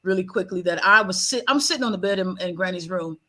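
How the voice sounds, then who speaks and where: A woman guest on a live talk show, telling a personal story in an animated way and laughing often. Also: lowish voice, fast talker. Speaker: guest author.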